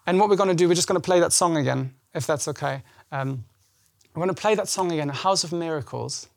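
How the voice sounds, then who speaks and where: A man with a high voice preaching a warm, conversational sermon. He talks animatedly and acts out the scripture dialogue. The sound is close and dry, with no room echo. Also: fast talker, creaky. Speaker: pastor. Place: church service.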